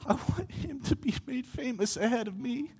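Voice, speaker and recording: A young adult man giving a sermon testimony, earnest and building to impassioned pleas with swings in loudness. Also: very high voice, lively intonation, moderate pace, breathy edge. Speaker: preacher.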